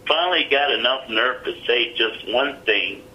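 A man's voice: medium pitch, moderate pace, sharp tone, lo-fi sound. A middle-aged man, an interview guest, telling a personal story in an earnest, plainspoken way.

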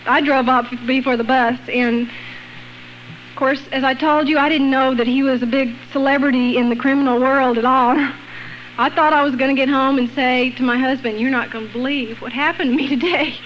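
A woman with a high, bright voice tells her testimony with energy and acts out the people she quotes. The recording is dull and lo-fi. A faint hiss runs underneath. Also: moderate pace. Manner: lively, acts out quoted voices, laughs between lines. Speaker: guest sharing a personal testimony. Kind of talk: animated storytelling testimony.

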